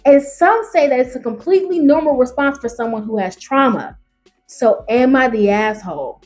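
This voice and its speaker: A sassy woman reading stories aloud to camera, with a high voice. Her pitch swings wildly as she reads, breaks off into loud, cheeky outbursts, and keeps calling her listeners baby and honey. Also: animated, moderate pace, soft background music. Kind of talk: animated reaction reading.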